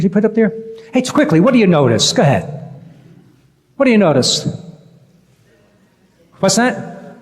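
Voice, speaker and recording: A man's voice: on the high side, a little mellow. A man, a priest, giving a conversational sermon, repeating key phrases for emphasis. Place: church. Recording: church with long reverb.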